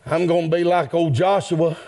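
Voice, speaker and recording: A man preaching a sermon, addressing the congregation with "my friend" and "yes, sir" as refrains, and swelling into shouted peaks. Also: a little high, flat delivery, moderate pace.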